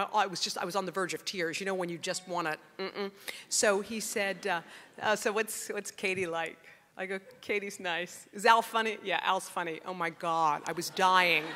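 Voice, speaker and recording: A middle-aged woman giving a storytelling speech, acting out the dialogue of her story with lively delivery. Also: fairly low pitch. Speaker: keynote speaker. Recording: long hall reverb.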